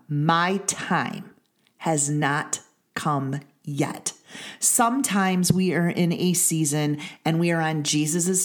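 Earnest woman teaching devotionally, low voice. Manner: earnest, repeats key phrases for emphasis. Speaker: women's ministry leader.

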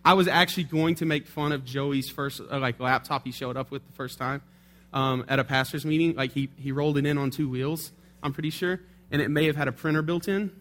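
A man's voice: medium pitch, steady tone, a little fast, a bit bright. A male pastor preaching a sermon in a conversational way, often checking in with tag questions.

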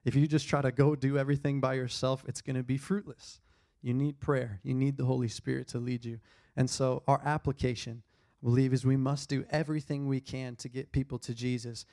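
Young male pastor, mid pitch with some fry, conversational sermon delivery, restates key lines. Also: a little mellow. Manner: earnest, conversational preaching with repeated key lines.

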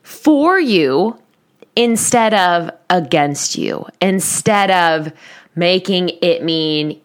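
A woman's voice: fairly low pitch, expressive, takes it slowly. A woman in her thirties, a coach, candidly telling listeners a personal story in a self-deprecating way. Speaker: life coach.

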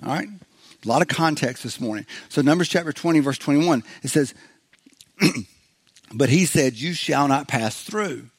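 A man's voice: a little high, expressive, unhurried, breathy edge. Joking, conversational male preacher. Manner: conversational, acts out biblical voices with humor; frequent fillers and restarts. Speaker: pastor. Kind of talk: sermon.

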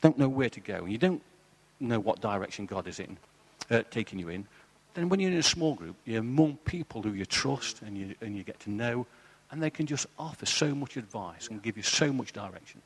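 Man, husky voice, earnest storytelling, echoing church hall. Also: on the low side, expressive, a little fast. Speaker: church panel guest. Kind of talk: live church testimony talk.

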